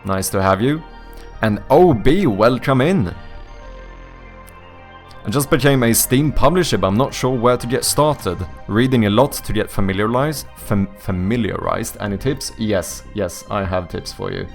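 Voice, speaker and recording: A man's voice: mid-range voice, expressive, moderate pace, vocal fry, faint music behind. A man from Sweden with a Swedish accent and British-leaning English, streaming live and chatting casually with his viewers, rambling and joking as he corrects himself. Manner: rambling, self-correcting, jokey. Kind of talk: casual live-stream chat reading chat aloud.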